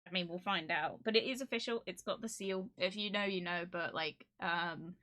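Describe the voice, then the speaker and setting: Bright-voiced giggly woman streamer. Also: fairly low pitch, moderate pace. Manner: excitable, giggly, rambling with many fillers. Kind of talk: casual live-stream chat.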